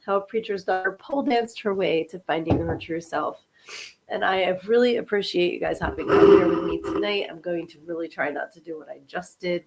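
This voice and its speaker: Against a noisy background, a woman in her fifties who hosts a podcast and writes books talks informally to her livestream viewers. Still hoarse and sniffling from a cold that won't quit, she says sorry for her voice, which sits slightly low, and welcomes people by name.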